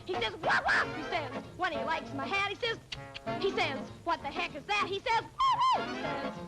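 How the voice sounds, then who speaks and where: A woman's voice: very high voice, very animated, moderate pace, over loud music, rough recording. A woman playing a comic young nightclub singer in a 1940s film musical number, with a brassy, mugging delivery over a big band. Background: big band orchestra.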